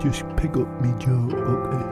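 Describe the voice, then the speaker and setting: Rambling comic man over loud music. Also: medium pitch, fairly even intonation, moderate pace. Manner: meandering, full of 'you know' and 'like'. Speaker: comedy podcast co-host.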